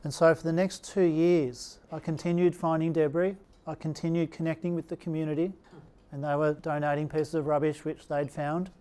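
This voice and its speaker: A man's voice: on the high side, little pitch movement, moderate pace, dark tone, smooth. A middle-aged man with an Australian accent, speaking in a slightly raised register. He tells a personal story in an easygoing, anecdotal manner and slips into the voices of the people he quotes. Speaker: speaker telling his story. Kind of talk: storytelling talk.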